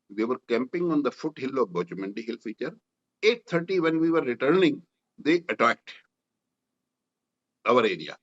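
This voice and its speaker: A man's voice: mid-range voice, fairly bright tone, highs cut off. An older man with an Indian English accent, a war veteran recounting battlefield memories in an interview, acting out the dialogue vividly. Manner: vivid, reenacts dialogue with rising intensity. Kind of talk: storytelling in interview.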